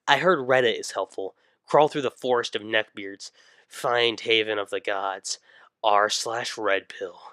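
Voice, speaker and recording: A man narrating a comic internet greentext story, mostly deadpan but breaking into sudden yelled outbursts. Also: medium pitch, dry recording.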